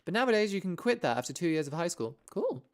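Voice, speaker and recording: A fast-talking young adult streamer from Wales has a sing-song, mid-range voice. While playing, they chat casually and swear freely with viewers, rambling and repeatedly interrupting themselves with asides.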